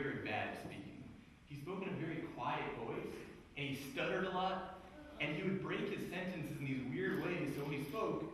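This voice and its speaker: A man giving a lively career day speech to schoolchildren, telling a story and quizzing them. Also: a little high, slight background noise. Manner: animated storyteller, quizzing the kids. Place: school hall. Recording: echoey hall, mic far off.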